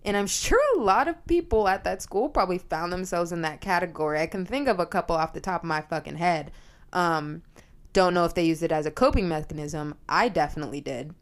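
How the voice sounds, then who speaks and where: A young woman talks straight into her podcast mic in a loose, unscripted monologue. She swears freely and speaks bluntly, and her delivery is animated. Her voice sits a little low for a woman. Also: brisk. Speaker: podcast host. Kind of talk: casual monologue.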